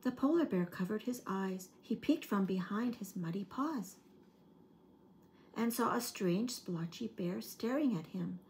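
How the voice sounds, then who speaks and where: A woman reads a children's picture book aloud for an early-years program. Her reading is gentle and expressive, and her pitch sits at an ordinary middle. A faint hiss runs under the recording. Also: measured pace.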